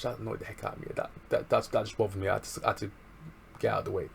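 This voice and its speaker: A man with a gravelly, slightly low voice talks through a show recap in a loose, excitable way. His speech is slangy and full of chuckles. There is a faint hiss behind him. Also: fast. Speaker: wrestling show reviewer. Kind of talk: casual recap chat.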